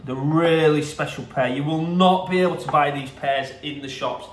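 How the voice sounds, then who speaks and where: Against a noisy background, a Yorkshire-accented produce seller with a fairly high, fairly even voice talks at a moderate pace, enthusiastically presenting fresh produce in a casual demo. The echoey room, distant mic and faint music are audible.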